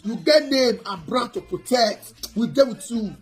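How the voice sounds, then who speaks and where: Excitable Nigerian woman host. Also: a little high, measured pace, faint music behind. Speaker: gossip channel host. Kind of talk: animated casual commentary.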